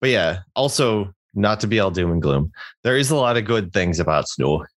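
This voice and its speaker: Low-voiced man in easy banter. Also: expressive, moderate pace, no echo. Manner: joking, easygoing, lots of restarts. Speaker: podcast co-host. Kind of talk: casual chat.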